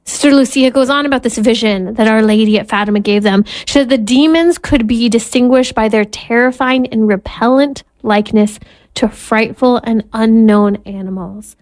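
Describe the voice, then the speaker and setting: A woman's voice: on the high side, moderate pace, a little mellow. A woman in her thirties, a Catholic mother, telling a candid personal story in an earnest way and laughing at herself now and then. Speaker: Catholic mother and podcast host.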